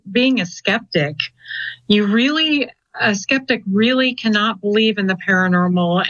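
A woman's voice: lowish voice, a bit bright, no room sound. A chatty woman in an interview who rambles through her stories with plenty of "you know"s. Her voice comes through a muffled, lo-fi recording and sounds close and dry, with no room around it. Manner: chatty and storytelling, with many fillers. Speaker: client coordinator of a ghost-hunting group. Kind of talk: casual interview chat.

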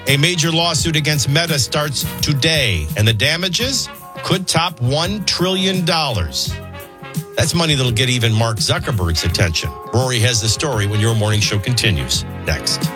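A man's voice: mid-range voice, animated, moderate pace, music in the background. A man hosting a morning radio show, reading an ad in an earnest, persuasive way. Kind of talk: host-read radio ad. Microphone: dry studio microphone.

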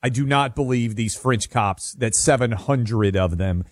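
Blunt radio host guy, dry studio sound, mid pitch, casual banter. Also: a little slow, no room sound. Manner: blunt, self-deprecating.

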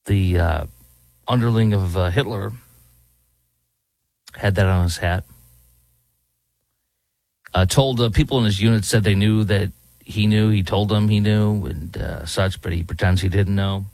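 A man's voice: fairly low pitch, steady tone, unhurried, vocal fry, pauses often, darkish tone, no room sound. A man, hosting talk radio and giving indignant, rambling commentary. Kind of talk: opinionated commentary. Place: studio in Dallas.

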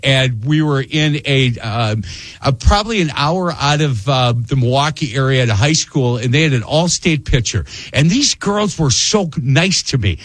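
Lively middle-aged male radio host. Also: fairly high pitch, normal speed, dry recording. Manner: animated storyteller, acts out voices in anecdotes. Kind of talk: casual radio interview.

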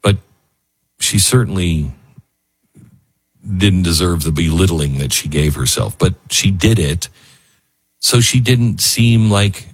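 A man's voice: low-pitched, animated, unhurried, long pauses, slightly rough. A man hosting a talk show, speaking in an earnest, heartfelt, wandering way. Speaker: radio show host. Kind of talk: emotional talk radio monologue.

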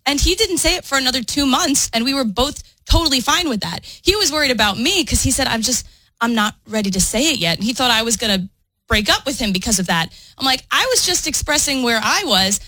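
A woman's voice: sits high, lively intonation, brisk, pushed and bright, dry recording, low-quality recording. A woman co-hosting a radio show, earnestly explaining a personal view. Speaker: radio co-host. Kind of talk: casual radio storytelling.

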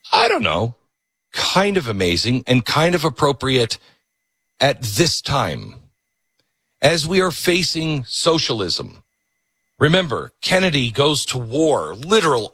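A man's voice: medium pitch, fairly bright tone, husky, dry recording. A man hosting a talk radio show, delivering a sarcastic political rant from a studio microphone and mocking others in put-on voices. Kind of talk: ranting political monologue. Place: broadcast studio.

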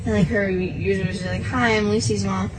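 A woman's voice: mid-range voice, steady tone, moderate pace, distant mic, heavy background noise. A young girl telling an embarrassing story about her mother, rambling with many fillers. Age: teen. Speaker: host's daughter. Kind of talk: casual recounting.

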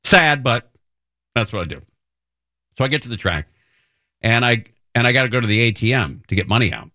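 A middle-aged man hosting a talk radio show, telling a rambling, self-deprecating story in an animated way. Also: mid-range voice, brisk, dry recording, studio quality. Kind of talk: casual monologue storytelling. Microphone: studio microphone.

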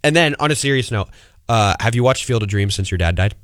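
A young adult man co-hosting a talk show, telling stories in an animated, teasing way. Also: lowish voice, fast, no echo, studio quality. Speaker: radio show co-host. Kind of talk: casual chat.

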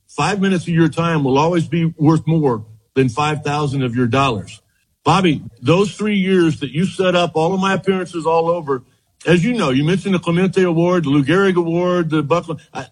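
A man in his sixties, a former pitcher, telling lively anecdotes in an interview and acting out the quotes. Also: slightly rough, poor audio. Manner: animated anecdotes, repeats words, acts out quotes. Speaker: former baseball pitcher, guest. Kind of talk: storytelling interview.

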